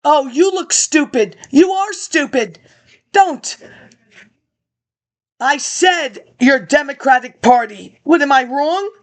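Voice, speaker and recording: A woman's voice: high-pitched, expressive, slow pace, long pauses. A woman ranting about politics to an absent audience, confrontational and accusing, jumping from topic to topic.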